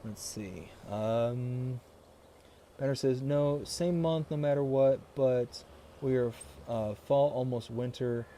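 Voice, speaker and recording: A man with a mellow, medium-pitched voice speaks at a slow pace over slight background noise. He's hosting a live stream of a farming game, chatting casually, reading viewer comments aloud, and rambling through stories with frequent laughs.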